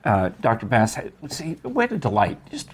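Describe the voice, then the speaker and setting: A man's voice: medium pitch, wildly swooping pitch, moderate pace, husky. A man hosting a casual talk show, telling stories in a chatty, enthusiastic way with many restarts. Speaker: host. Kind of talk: casual chat.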